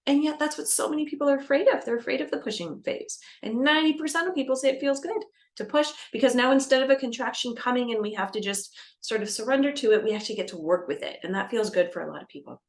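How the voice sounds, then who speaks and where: A woman doula explaining birth practice to camera, lively and expressive, acting out scenes and dropping into a soft calm voice. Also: fairly high pitch, fast. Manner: animated, acts out scenes with gasps and shifts to a soft calming voice. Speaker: doula educator. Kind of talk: educational talk to camera.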